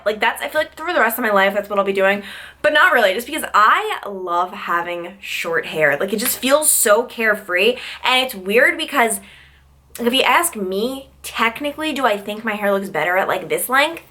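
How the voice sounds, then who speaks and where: A woman's voice: mid-range voice, bright, forceful tone. A tired young woman, a news reporter, chatting casually to her vlog camera and filling her talk with "like.". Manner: chatty, peppered with "like" fillers.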